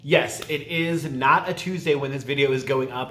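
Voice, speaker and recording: A man's voice: medium pitch, normal speed, a bit bright, roomy sound, soft background music. A man vlogging casually at home, rambling and stopping himself mid-thought, with a laugh never far off. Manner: rambling, self-interrupting, laughs often. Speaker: YouTube vlogger. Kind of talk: casual chatty tag video.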